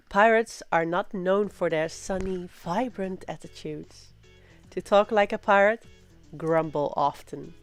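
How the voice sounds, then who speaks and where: Slow, low-voiced woman streamer reading. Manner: slow, drawn-out reading with loud playful pirate exclamations. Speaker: livestream host. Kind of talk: reading aloud on a casual stream.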